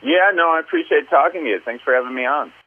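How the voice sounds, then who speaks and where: A man's voice: fairly high pitch, fast talker. A comedian from the American Midwest, a man, chatting casually as a guest, with many fillers and restarts. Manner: loose, filler-heavy, restarts often. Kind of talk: casual interview chat. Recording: phone line.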